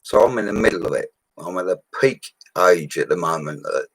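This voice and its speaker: A man's voice: low voice, a little fast, breathy edge, no echo, low-quality recording. A man of forty, chatting casually and rambling on a live stream, with plenty of slang. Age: 40s.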